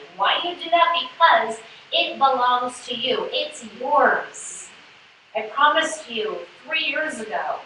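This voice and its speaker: A woman's voice: on the high side, bright, forceful tone, recorded from a distance, slight background noise. Tearful woman rabbi in echoey sanctuary. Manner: emotional, tearful and laughing. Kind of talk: sermon to confirmation class. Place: synagogue sanctuary.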